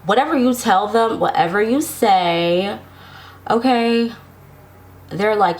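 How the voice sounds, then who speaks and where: A tarot reader gives a casual love reading, speaking directly to her viewers in a sassy, chatty, reassuring way and laughing often. Her voice is on the high side, animated, and slow. Slight background noise is present.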